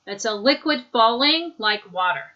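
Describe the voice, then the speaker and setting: A woman teaching an English lesson, modeling words slowly and clearly for students to repeat. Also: fairly high pitch, lively intonation, bright, forceful tone. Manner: slow, clear drilling with modeled pronunciation. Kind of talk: recorded online language lesson. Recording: dull lo-fi recording.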